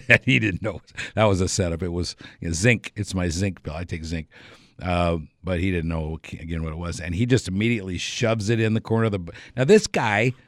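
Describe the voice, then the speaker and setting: A man casually telling a long anecdote, relaxed and rambling, chuckling often along the way. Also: low voice, dry recording, studio quality. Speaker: storyteller.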